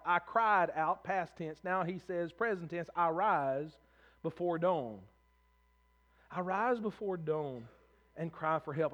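A male preacher with a fairly high voice delivers a sermon. He speaks earnestly and with emphasis, voicing prayers as if speaking them himself, and often repeats words as he builds toward a point. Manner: acts out prayers in first person.

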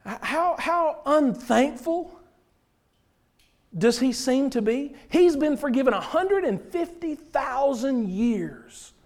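A man's voice: very high voice, animated, slow pace. A man preaching a sermon, explaining scripture verse by verse in an earnest way.

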